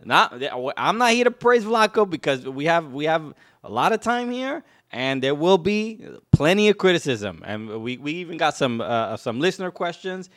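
A man hosting a casual sports podcast, lively and laughing easily, on a studio mic. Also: fairly high pitch, moderate pace, hardly any pauses, no echo. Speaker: podcast host.

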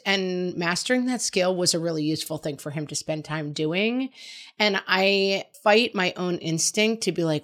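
Frank, reassuring woman podcast host, low voice. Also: a bit bright. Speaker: parenting advice podcast host. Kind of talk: casual advice talk.

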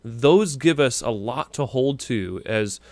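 A man's voice: mid-range voice, lively intonation, slow, a little mellow, dry recording. A man hosting a radio interview, talking casually with many fillers. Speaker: radio host.

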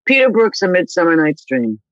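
A woman's voice: lowish voice, sing-song, fairly quick, no room sound, muffled recording. An older woman being interviewed as a guest, talking in a casual way with dry, wry humor.

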